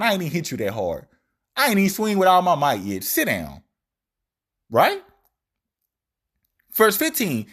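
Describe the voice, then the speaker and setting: A man preaching a street-style sermon on scripture, animated and slangy, acting out quotes in shifting voices. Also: sits high.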